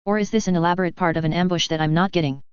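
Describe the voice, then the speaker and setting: Woman reading as a drawling young wizard, dry, mocking, smooth, lo-fi recording. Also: fairly low pitch, fairly even intonation, racing, dry recording, close to an everyday voice. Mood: sardonic. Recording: dull, lo-fi, dry.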